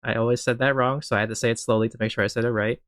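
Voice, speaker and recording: A man's voice: medium pitch, flat delivery, rapid-fire, fairly bright tone, dry recording, studio quality. A young man hosting a casual podcast with friends, playful and joking, laughing between lines. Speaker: podcast host. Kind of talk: casual chat among friends.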